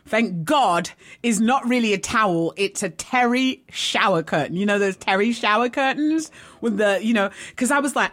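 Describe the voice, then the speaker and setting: Female host, casual live storyteller, rambling and excitable, average pitch. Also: moderate pace. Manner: rambling and excitable, often adds "right?".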